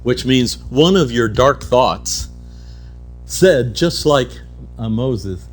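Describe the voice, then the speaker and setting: Speaking slowly but with animation, this keynote speaker uses a mid-range voice to narrate mystical stories and perform their characters. It's a spiritual storytelling lecture in a conference hall, with soft music underneath.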